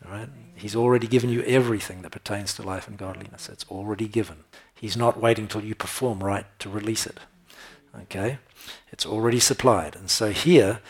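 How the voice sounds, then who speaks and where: A man's voice: on the low side, slightly rough. A man preaching a sermon, often checking in with his listeners with "right?" and "okay?".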